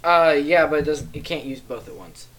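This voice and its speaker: A podcast co-host in casual chat while recording, chatty and quick to laugh. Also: mid-range voice, animated, a bit bright.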